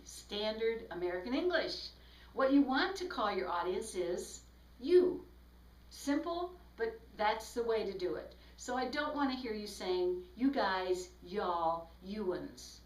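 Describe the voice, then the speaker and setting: A woman's voice: fairly high pitch, big pitch swings, unhurried, far from the mic. A woman speech instructor giving a recorded lecture, explaining tips and demonstrating examples aloud. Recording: echoey room, voice from off-mic.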